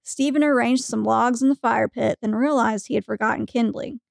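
A woman's voice: a little high, moderate pace, gravelly, no echo, clean studio sound. A woman co-hosting a podcast, reading a funny story aloud with frequent giggles. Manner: giggly storytelling, breaking into laughter. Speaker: podcast co-host.

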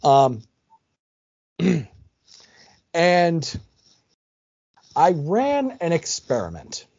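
Animated, husky-voiced male podcaster. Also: fairly high pitch, extremely slow, no echo, highs cut off. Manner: animated, joking, chatty. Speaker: podcast co-host. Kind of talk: casual podcast chat.

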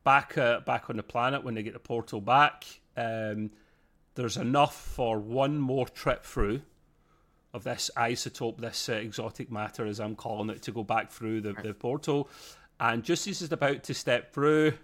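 A man's voice: mid-range voice, moderate pace. Laughing man recapping an episode. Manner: animated retelling with laughs and quoted lines. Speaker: podcast co-host reviewing TV episodes. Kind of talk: casual chat recapping an episode.

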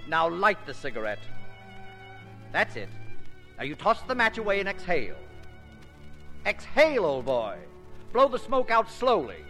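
An actor playing a pompous, fussy film director with an affected, theatrical drawl, in 1940s radio acting. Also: male voice, high-pitched, wildly swooping pitch, unhurried, long pauses, sharp tone, soft background music, heavily acted. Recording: old radio broadcast, hall reverb.

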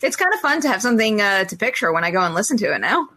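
Curious woman co-host, mid-pitched voice. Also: very animated, rapid-fire, sharp tone. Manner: curious, asks questions. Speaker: podcast co-host. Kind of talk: casual chat.

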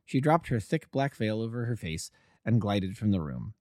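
A man narrating a classic detective story aloud in a steady, descriptive way. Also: fairly low pitch, normal speed, no echo, clean studio sound. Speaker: amateur audiobook narrator.

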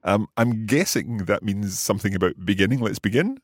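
A man's voice: on the low side, expressive, fairly quick, husky, no room sound, clean studio sound. A middle-aged man hosting a language lesson podcast, curious and good-humoured, asking lots of questions. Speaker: podcast host and learner. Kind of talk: scripted language lesson chat.

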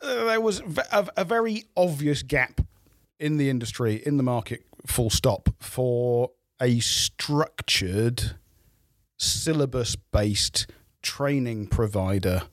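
A man, a trainer, speaking as a podcast guest in a measured way with dry wit. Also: mid-range voice, no echo. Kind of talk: casual chat.

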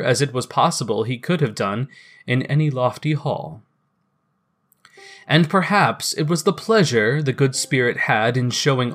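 A man reading a classic story aloud in a measured, expressive way. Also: medium pitch. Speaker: narrator. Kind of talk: storybook narration.

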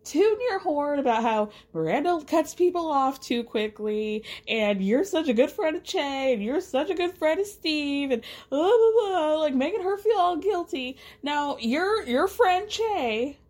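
A woman hosting a podcast, recapping a TV show in a casual, profane, animated way and laughing often. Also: sits high, a little slow. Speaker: podcast host.

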